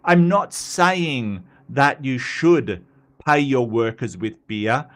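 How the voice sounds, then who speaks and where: A man's voice: medium pitch, fairly bright tone. A man hosting a live talk stream, chatting casually and answering viewer comments with lots of fillers and restarts. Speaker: livestream host. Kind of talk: live commentary reading chat.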